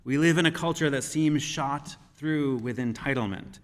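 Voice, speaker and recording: A man giving a sermon as minister, speaking in a measured, gentle storytelling manner. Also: a little high. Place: church sanctuary. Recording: reverberant church hall.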